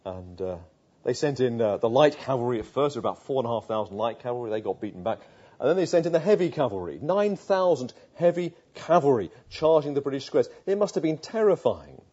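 A man preaching a sermon, retelling scripture with earnest rhetorical questions and dropping to a hush at tender moments. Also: mid-range voice, animated, brisk, slightly rough. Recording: dull lo-fi sound.

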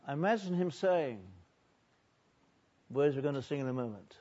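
A man preaching a sermon earnestly, building loud on repeated lists and then dropping low and quiet. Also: lively intonation, normal speed, long pauses, breathy edge, dull audio.

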